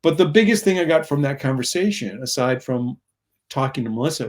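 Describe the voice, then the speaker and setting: A man's voice: medium pitch, fairly quick, a little mellow, slight background noise. A middle-aged man talking as an interview guest, earnest and rambling, telling personal stories and acting out what others said. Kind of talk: conversational storytelling.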